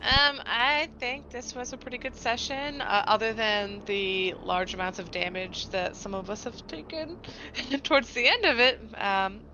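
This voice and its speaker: A woman's voice: fairly high pitch, unhurried, pushed and bright, lo-fi sound, a little hiss or hum. A woman player sharing thoughts on a tabletop game session in a hesitant, casual way full of fillers. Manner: hesitant, filler-heavy, laughing. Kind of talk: casual chat.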